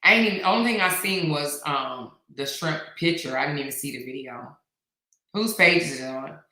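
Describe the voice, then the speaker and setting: Loud, laughing woman host in an echoey room. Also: low-pitched, normal speed. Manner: loud, laughing, teasing, swearing. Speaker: commentary channel host. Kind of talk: casual gossip chat reading live comments.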